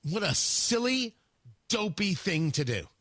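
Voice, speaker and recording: A man's voice: high voice, sing-song, measured pace, a bit bright, no echo, studio quality. A man hosting a talk radio show, delivering a combative opinion monologue and repeating words for emphasis.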